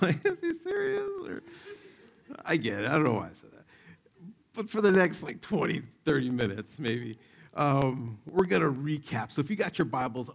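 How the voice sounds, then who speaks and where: A man in his forties preaching a sermon, telling stories in an animated, joking way and acting out the quotes. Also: medium pitch, creaky, breathy edge. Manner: animated, jokey, acts out quotes. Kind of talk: sermon with personal storytelling.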